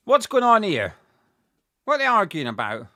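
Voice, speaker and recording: Sweary, excitable man in a fan watch-along. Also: high voice, normal speed. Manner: sweary and excitable, shouting at goals. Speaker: fan commentator.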